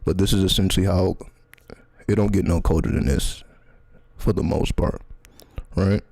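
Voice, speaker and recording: A man hosting a casual livestream outdoors in cold air, talking loosely about numerology and sometimes dropping into a slow, soft delivery. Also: deep voice, steady tone, vocal fry. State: mouth burning from spicy candy, runny nose. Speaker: livestream host, numerology speaker. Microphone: handheld or clip mic, adjusting filter.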